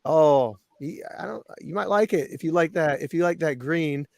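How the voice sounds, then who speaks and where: A man's voice: fairly high pitch, normal speed, vocal fry, darkish tone, dry recording, studio quality. A man from Washington State hosting a casual podcast chat, rambling with many fillers and restarts. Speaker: podcast host.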